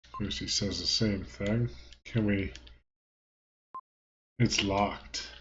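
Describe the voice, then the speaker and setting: A man's voice: lowish voice, steady tone, slow, fairly bright tone, a little hiss or hum. A man joking his way through a video game playthrough in a wry, rambling way, recorded on a home desk mic with button clicks. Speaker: let's play host. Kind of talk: casual gameplay commentary. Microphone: desk mic at home, button clicks audible. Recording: dull lo-fi with game music.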